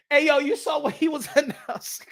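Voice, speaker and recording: A man giving casual boxing reaction commentary, excitable and profane, laughing often and repeating himself. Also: very high-pitched, moderate pace, vocal fry.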